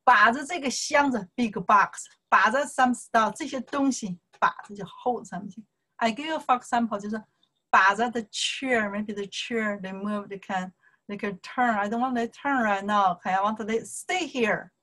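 A woman's voice: a little high, moderate pace, bright, forceful tone. A woman teaching a Chinese lesson in broken English mixed with Mandarin, patiently repeating points and checking with "okay?". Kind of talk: online language lesson.

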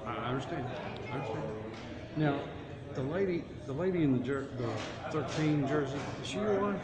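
A male security officer calmly taking a report in a hospital corridor, repeating his questions step by step. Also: a little high, brisk, roomy sound, a loud crowd. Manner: calm, procedural, repeats himself.

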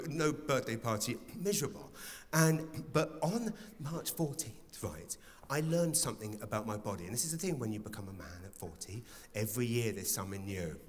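A man in his forties performing live stand-up comedy in a large theatre, animated and building to loud exclamations. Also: medium pitch. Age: 40s. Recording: reverberant live theatre with audience.

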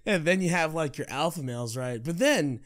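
A man's voice: on the high side, expressive, a little fast, noisy background. A young man co-hosting a casual podcast, telling stories with lots of laughs and mimicked quotes. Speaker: podcast co-host. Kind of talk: casual chat.

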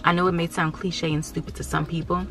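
A woman's voice: lowish voice, little pitch movement, fast, fairly bright tone, faint music behind. A woman in her thirties from the United States, talking candidly and emotionally to her viewers in a casual vlog. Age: 30s. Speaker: vlogger.

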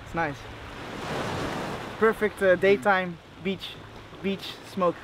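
A young man hosting a travel vlog, talking to camera in a relaxed, chatty way with loose phrasing. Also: sits high, slow, background noise. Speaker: travel vlogger host. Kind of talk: casual vlog narration to camera.

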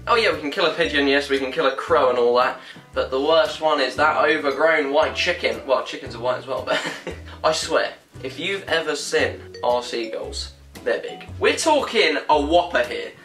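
Brief: young British woman, comic rant, bright tone, recorded from a distance with faint music behind. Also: low-pitched. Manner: exasperated, laughs often. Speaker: vlogger. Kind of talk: comic ranting monologue. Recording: roomy echo, distant mic, faint music.

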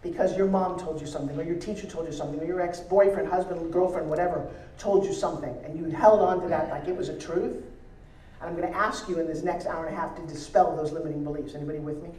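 A woman giving an energetic, joking motivational talk on pitching to a live audience from a stage. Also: quick pace, slight background noise. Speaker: motivational speaker teaching pitching. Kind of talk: live seminar speech to an audience. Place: large event hall on stage. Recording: roomy hall sound from a distance.

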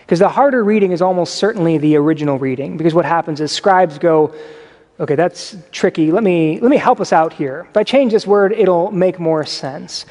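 A man delivers a sermon in a loose, conversational style and breaks into lively asides. His voice sits high for a man. It rings through a church hall with a long reverb tail. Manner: conversational preaching with animated asides. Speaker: pastor. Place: church sanctuary.

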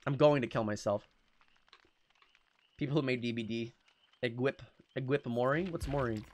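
A young man streaming a game live, reacting excitably with jokes and frequent swearing. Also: mid-range voice, normal speed. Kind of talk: live gameplay commentary.

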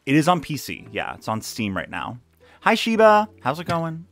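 A man's voice: medium pitch, big pitch swings, moderate pace, vocal fry, a bit bright, faint music behind. A young man live-streaming a game, chatting playfully and joking about himself. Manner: playful, self-mocking, chatty.

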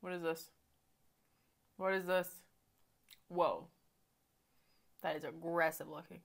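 A woman giving casual, chatty commentary while watching a film, thinking out loud and often dropping to quiet murmurs. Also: fairly low pitch, flat delivery, slow pace, creaky, long pauses. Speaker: reaction video host. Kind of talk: casual movie reaction commentary.

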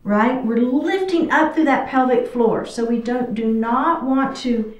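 A woman guides a chair yoga class in a fairly high voice, chatty and encouraging as she demonstrates the poses. She sounds a little out of breath. Her voice is caught from a distance in an echoey room. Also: measured pace. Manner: encouraging, chatty, talks while moving. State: slightly out of breath. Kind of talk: guided exercise class instruction. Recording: echoey room, far from the mic.

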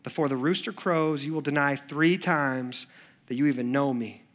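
A pastor preaches a conversational sermon in church, his fairly high voice moving at a moderate pace as he shifts between animated asides and hushed, earnest passages.

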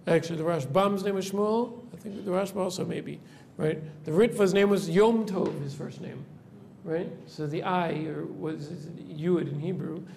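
High, gravelly-voiced rabbi lecturing a class. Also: male voice, moderate pace, hardly any pauses, a little mellow, slight background noise. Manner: explanatory, tags "right?" onto nearly every point; asks the class questions. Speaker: rabbi teaching a seminary class. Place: classroom with students.

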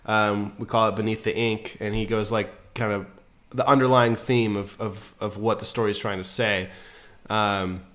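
A man hosting a casual podcast, retelling a story in an animated, profane way full of fillers. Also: lowish voice, moderate pace. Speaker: podcast host.

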